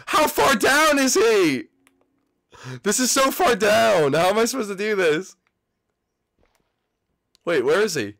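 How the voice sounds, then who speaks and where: A young man hosting a gaming channel, excitedly commentating his own gameplay and calling out to other players and viewers. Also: high-pitched.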